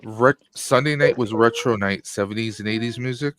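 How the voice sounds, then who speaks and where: A man's voice: medium pitch, moderate pace, a crowd in the background. A man in his forties chatting casually on a stream, jokey and full of stories. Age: 40s. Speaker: guest on stream. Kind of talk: casual chat.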